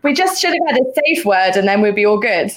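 A woman hosting a podcast, telling stories in a giggly, animated way. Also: mid-range voice, fast. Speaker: podcast host. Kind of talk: casual interview chat.

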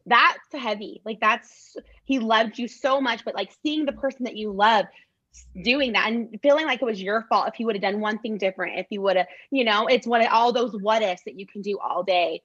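A woman's voice: a little high, moderate pace, fairly bright tone, no room sound, lo-fi sound. A woman hosting a podcast interview, affirming her guest with short responses and reflective comments. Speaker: podcast host. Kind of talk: interview chat.

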